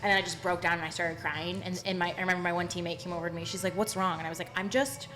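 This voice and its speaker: A woman's voice: lowish voice, racing, faint music behind. Chatty young woman hosting a podcast. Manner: chatty, expressive storyteller with frequent "like" and bursts of laughter. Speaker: podcast host. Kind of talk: casual podcast chat.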